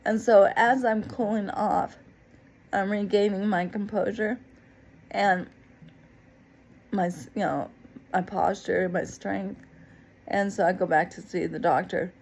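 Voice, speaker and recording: A woman telling a personal story in a lively, expressive way, acting out other people's lines as she goes. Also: medium pitch, slow, creaky, long pauses, a little hiss or hum, low-quality recording. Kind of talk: personal story told to the camera.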